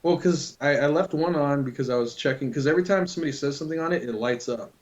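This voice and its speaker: A man with a slightly raised voice rambles through a story in relaxed, profane chat. The sound is dull and lo-fi, with muffled top end. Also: fairly high pitch, fast. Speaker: podcast co-host telling a prank story. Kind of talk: casual chat. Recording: dull lo-fi recording.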